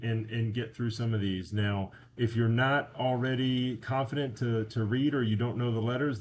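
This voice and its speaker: A man teaching a beginner language lesson from slides, repeating words for practice. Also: fairly low pitch. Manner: repeats words slowly for drilling.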